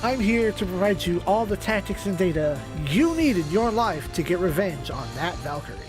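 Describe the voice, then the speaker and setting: A man's voice: high voice, animated, moderate pace, loud music behind the voice. A man co-hosting a let's play, making dry, teasing remarks in casual gameplay banter. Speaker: co-host.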